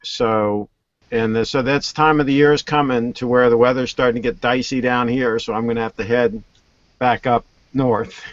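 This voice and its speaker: A man's voice: medium pitch, fairly even intonation, moderate pace, no room sound. Chatty male guest on a dull line. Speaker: guest, website owner. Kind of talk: casual call-in chat. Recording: dull dry phone-line sound.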